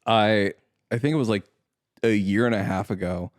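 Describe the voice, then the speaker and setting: Low-voiced man in dry casual chat. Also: fairly even intonation, normal speed, dry recording. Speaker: podcast co-host.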